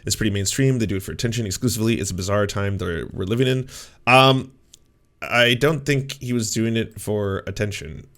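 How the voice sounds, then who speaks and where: A man's voice: fairly low pitch, brisk, fairly bright tone. A man talking casually as a streamer, commenting sarcastically on what he reads aloud, swearing and mocking it.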